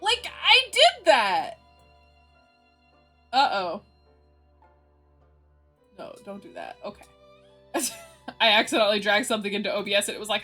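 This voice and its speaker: A woman's voice: mid-range voice, sing-song, normal speed, pauses often, bright, forceful tone. A woman hosting a livestream, chatting casually with her viewers and laughing often between lines. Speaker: livestream host. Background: faint background music.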